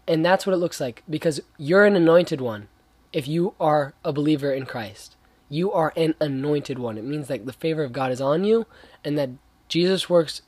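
A man's voice: a little high, darkish tone, no room sound. A young man giving a casual, earnest faith talk, rambling with slang and many restarts. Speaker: young Christian speaker.

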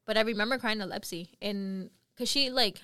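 A young woman co-hosting a podcast, telling work stories in casual chat, animated and laughing often. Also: medium pitch, fairly quick, clear, resonant tone, no room sound, studio quality. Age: young adult. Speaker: podcast co-host.

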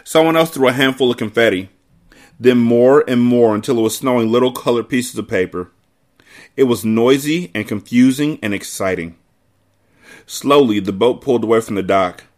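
Podcast guy reading a kids book out loud, chill, chatty asides, average pitch. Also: moderate pace. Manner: laid-back, conversational asides. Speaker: podcast host. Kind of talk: reading a novel aloud with asides.

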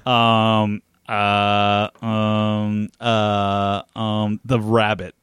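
A man's voice: on the low side, monotone, very slow, fairly bright tone, clear, resonant tone, no room sound, studio quality. A man co-hosting a podcast, speaking casually with wry, teasing remarks and hesitant fillers. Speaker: podcast co-host. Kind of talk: casual chat.

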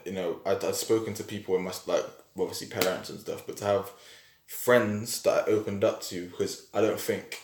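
Low-voiced podcast host. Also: male voice, steady tone, normal speed. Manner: reflective, open, informal. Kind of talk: casual chat. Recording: echoey room.

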